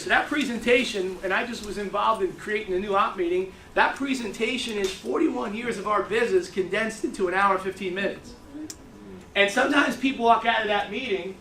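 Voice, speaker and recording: A man's voice: sits high, pushed and bright, a little hiss or hum. A middle-aged man giving a sales training talk to a group, telling stories in a rush, with many restarts. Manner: fast storytelling with lots of restarts. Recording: echoey room, mic from a distance.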